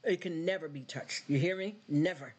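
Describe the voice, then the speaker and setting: A live stream host with a husky, high-leaning voice preaches earnestly to his viewers, addressing them directly at normal speed. He becomes emotional and choked up during this casual faith talk with live chat.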